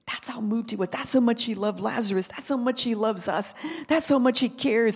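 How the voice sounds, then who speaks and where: Gravelly-voiced woman preaching in a reverberant hall. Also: on the high side, moderate pace. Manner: emotional, drops to whispers and rises to impassioned pleas. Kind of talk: sermon.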